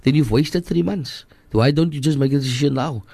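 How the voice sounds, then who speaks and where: Cape Town man, radio advice scholar, earnest and repetitive, middle pitch, dry studio mic. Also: brisk, vocal fry, mellow, no echo. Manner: earnest, repetitive, switches into Afrikaans. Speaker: radio guest scholar answering listener questions.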